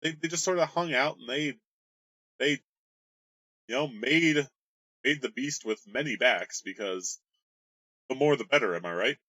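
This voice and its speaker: Game master guy riffing on his world lore, bright animated voice, dry close sound. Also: mid-range voice, a little slow, pauses often, no room sound. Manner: rambling, jokey, crude humor. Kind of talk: casual worldbuilding explainer.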